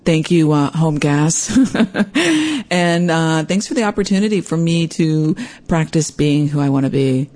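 Animated woman telling a personal story. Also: low-pitched, a little slow. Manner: animated, acts out quoted voices. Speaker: podcast host.

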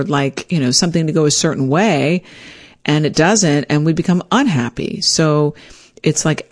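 A woman telling a personal story in an animated, self-deprecating way, leaping up in pitch when she acts out her own words.

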